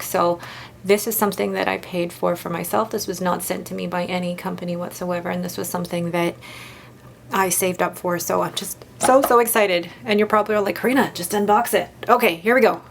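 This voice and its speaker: A young adult woman chatting casually and excitedly as she unboxes a new fountain pen, gushing and restarting her sentences. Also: on the low side, vocal fry, slight background noise.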